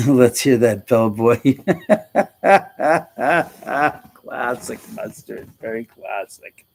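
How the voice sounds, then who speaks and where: A man's voice: medium pitch, flat delivery, slow pace, gravelly, a little mellow, low-quality recording. A middle-aged man hosting a casual livestream, chatting with viewers, laughing often and swearing freely. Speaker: livestream host. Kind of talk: casual livestream chat reading comments.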